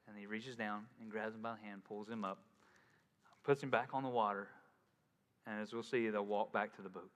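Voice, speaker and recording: A man's voice: fairly low pitch, fairly even intonation, brisk, a bit bright. Man preaching in a reverberant hall. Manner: conversational preaching, acting out quoted voices. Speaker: pastor. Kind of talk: sermon. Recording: long reverb in a large hall.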